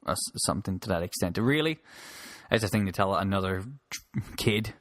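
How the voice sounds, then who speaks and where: Speaking into a close handheld mic, a male solo podcast host rambles casually, often restarting sentences and swearing freely. His voice sits low, moving briskly with lively intonation, and there's no echo.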